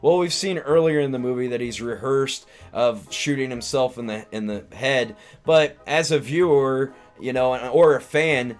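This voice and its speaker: A man's voice: mid-range voice, normal speed, few pauses, faint music behind. A man hosting a live stream, casually recapping a film in a rambling way with lots of restarts and filler words. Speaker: live-stream host, comedian.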